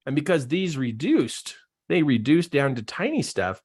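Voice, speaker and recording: A man coaching on self-help, telling his own story in a casual, animated way and acting out his astonished reactions. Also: a little high, moderate pace, breathy edge. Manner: casual, says "like" and "man" often. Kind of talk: personal storytelling to camera.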